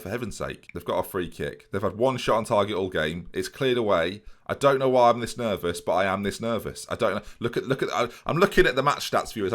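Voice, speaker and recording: A man's voice: mid-range voice, fairly bright tone. A man commentating a football management video game play-by-play, addressing viewers with jokey asides.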